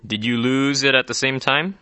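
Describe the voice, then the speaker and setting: A man's voice: medium pitch, moderate pace, sharp tone, clean tone, no echo, pitched above the performer's own voice, natural voice. A man voicing a curious, puzzled male bartender who keeps asking questions in a raised voice.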